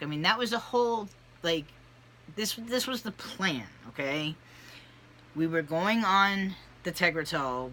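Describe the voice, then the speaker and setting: Vlogger, 30s or older, casual confessional delivery, loose and animated, bright tone. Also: medium pitch, a little hiss or hum. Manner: rambling, candid, animated with frequent fillers. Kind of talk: casual personal vlog.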